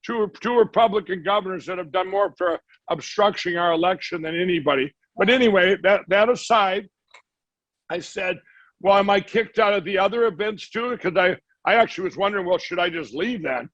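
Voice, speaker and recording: In a dry, slightly dull recording, a man appearing as a guest spins a long, meandering story, performing each quoted line of dialogue. His voice sits high and a bit bright, moving a little fast.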